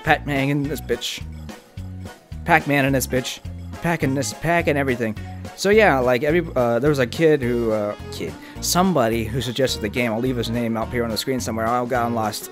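A man casually commentating as he plays a video game, excitable, chanting sing-song sounds and yelping at sudden moments. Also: medium pitch, moderate pace, faint music behind. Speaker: gaming channel host. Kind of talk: casual let's play commentary.

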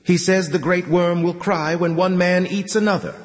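A man's voice: high voice, fairly even intonation, normal speed, big-room sound, pitched above the performer's own voice, close to an everyday voice. A man voicing a young male captive who questions his captors tensely and urgently.

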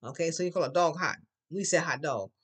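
Classroom teacher, patient drill voice, models words loudly for repetition. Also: mid-range voice, brisk, slightly rough. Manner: patient, coaxing prompts. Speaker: Spanish teacher.

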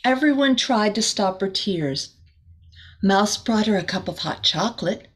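A woman who teaches as a volunteer, reading a storybook aloud for children and gently adding asides for her young listeners. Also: mid-range voice, animated, measured pace, slightly rough.

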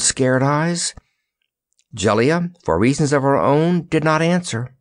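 A man narrating a children's storybook with an expressive, animated delivery. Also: medium pitch, no room sound. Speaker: audiobook narrator. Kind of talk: storybook reading.

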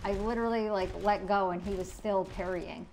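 A woman's voice: medium pitch, fairly even intonation, brisk, darkish tone, slight background noise, low-quality recording. A woman streaming a video game, talking casually to her chat and swearing often out of frustration. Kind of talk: casual live gameplay commentary.

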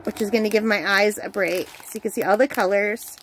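A woman's voice: medium pitch, fairly even intonation, brisk, slight background noise. A woman hosting a crafting channel, chatting casually and enthusiastically at home while unboxing, with the hiccups. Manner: chatty, enthusiastic, easily delighted. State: has the hiccups.

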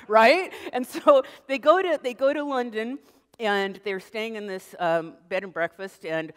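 A middle-aged American woman gives a public lecture in an animated, storytelling way. Her voice sits at an ordinary middle pitch, and she acts out small bits of dialogue as she goes. A long reverb from the lecture hall trails behind her words. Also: moderate pace.

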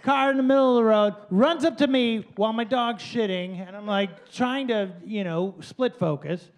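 High-voiced man telling an animated story. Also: moderate pace. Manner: animated storyteller who does voices and sound effects. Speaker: podcast panelist. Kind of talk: comic anecdote.

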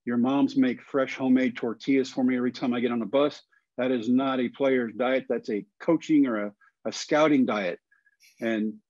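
A man in his forties from Texas tells a story in a folksy way, acting out the people in it as he goes. His voice sits at a middle pitch. The recording is dry and a bit dull on top. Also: steady tone, moderate pace, darkish tone, no echo. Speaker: guest. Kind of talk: storytelling in a podcast interview.

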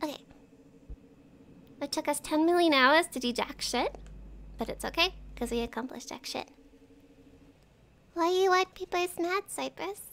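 A woman's voice: sits high, moderate pace, pauses often, fairly bright tone. A woman streaming a game live, chatting casually with her viewers and swearing freely. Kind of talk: live gameplay commentary.

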